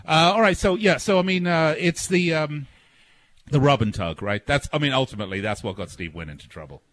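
A man's voice: fairly high pitch, fairly quick, fairly bright tone, dry recording. A man co-hosting a sports talk radio show, joking and teasing in casual studio banter. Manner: joking, teasing, laughs at own jokes. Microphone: studio microphone.

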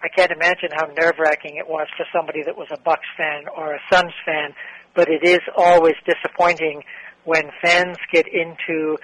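Measured man giving neutral sports opinion. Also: fairly high pitch, flat delivery, fairly bright tone, a little hiss or hum, rough recording. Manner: measured, reflective, with fillers. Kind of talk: sports talk commentary.

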